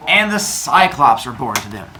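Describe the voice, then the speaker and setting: A man's voice: mid-range voice, very animated, normal speed, background noise. A man teaching a class of children, retelling a myth in a playful, jokey way with silly sound effects. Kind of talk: storytelling lesson to children.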